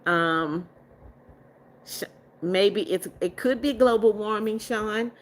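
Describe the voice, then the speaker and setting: A woman's voice: medium pitch, takes it slowly. A young woman hosting a livestream, reading out viewer comments and answering them casually, greeting each newcomer with repeated hellos and welcomes. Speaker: livestream host.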